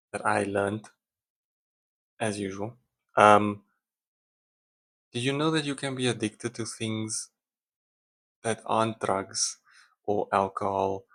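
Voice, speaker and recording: Rambling man with a lowish voice. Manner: rambling, frequent ums and restarts, acts out annoyed inner voice. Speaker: vlogger. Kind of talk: casual talk to camera.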